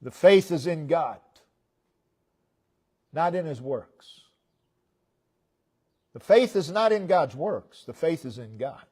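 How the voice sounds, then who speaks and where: A man preaching slowly from the pulpit in a fairly high voice. He hammers on repeated phrases and lets each line sink to a quiet close. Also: expressive, husky. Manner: emphatic, repeats phrases, lets line endings drop low and soft. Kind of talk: sermon. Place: church.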